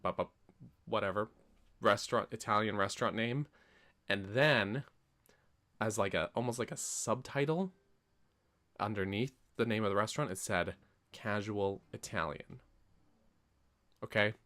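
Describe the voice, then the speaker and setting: Pitched fairly low with a sharp edge, this man talks at a measured pace with long pauses while streaming a video game. He jokes about how words are pronounced and keeps laughing at himself in a playful, self-mocking way, offering casual commentary as he plays.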